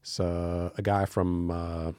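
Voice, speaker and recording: An American man with a deep, low-pitched voice chats as a guest in a podcast studio. He tells stories animatedly and slips into quoted voices as he goes. The sound is dry and close, with no room around it. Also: flat delivery, takes it slowly, warm tone, clean tone, no room sound. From United States. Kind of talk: casual interview chat.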